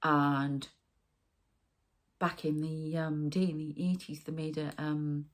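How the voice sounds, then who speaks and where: A woman's voice: low-pitched, level tone, takes it slowly. A middle-aged woman giving a rambling channelled tarot reading, talking to the viewer and aside to spirits. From northern England. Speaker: tarot reader and medium.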